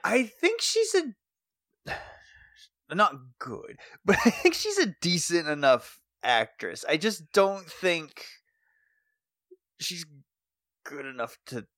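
A man co-hosting a podcast, joking around in a somewhat high voice that swings up and down. He laughs in the middle of his sentences and restarts words. The recording is dry and close. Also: big pitch swings, slow, long pauses, a bit bright, no echo. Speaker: podcast co-host. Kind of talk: casual chat recapping a TV episode.

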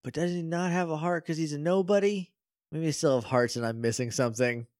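A man's voice: a little high, a little fast, a little mellow, no echo, clean studio sound. A young man co-hosting a podcast, chiming in with jokes and frequent laughter. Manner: laughs often, joking asides. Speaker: podcast co-host. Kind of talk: casual chat.

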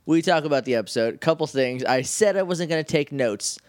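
A man's voice: a little high, lively intonation, brisk, darkish tone, no room sound. A man from New Hampshire co-hosting a podcast, chatting casually and joking around with lots of laughter. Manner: joking, laughs often, quotes scenes in put-on voices. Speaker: podcast co-host. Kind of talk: casual chat.

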